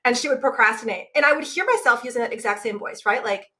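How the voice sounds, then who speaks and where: A woman in her forties talking casually about parenting as a guest, animated and acting out the voices she uses. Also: on the high side, quick pace. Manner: animated, acts out her own inner voice. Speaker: guest, self-compassion teacher. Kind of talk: casual podcast conversation.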